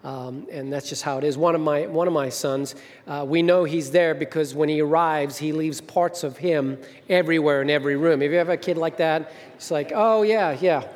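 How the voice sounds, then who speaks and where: The senior minister, a middle-aged man, delivers a sermon built on anecdotes in a church hall, acting out the voices of the people in his stories. His voice runs on the high side with fairly even intonation and a slightly quick pace, carried by a long hall reverb.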